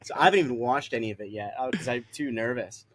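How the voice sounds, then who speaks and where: A man's voice: medium pitch, quick pace, over a noisy crowd. A young man, a solo sailor guest on a podcast, talking in a laid-back way and laughing easily. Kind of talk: casual conversation. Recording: faint background noise.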